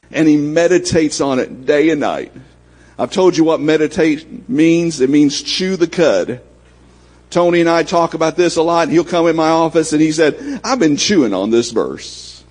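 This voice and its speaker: Husky-voiced preacher, folksy and conversational. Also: male voice, fairly high pitch, darkish tone. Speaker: pastor. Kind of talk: sermon.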